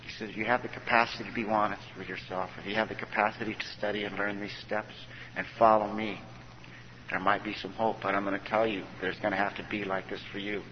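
A man's voice: on the low side, flat delivery, fast, slight background noise. A man telling his personal recovery story from a conference stage, folksy, often acting out what other people said to him. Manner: folksy storyteller who acts out quoted dialogue. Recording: dull echoey hall recording.

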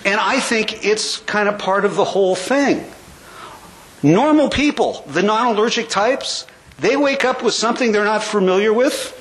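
A man's voice: high voice, a bit bright, poor audio. Wry storytelling older man with hiss. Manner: wry, humorous, conversational, draws laughs. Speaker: recovery meeting speaker. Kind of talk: storytelling talk.

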